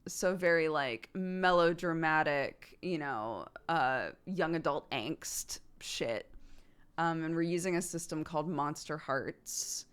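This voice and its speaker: A woman streamer casually answering chat questions, animated, laughing often and swearing freely. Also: low-pitched, slow, clear, resonant tone.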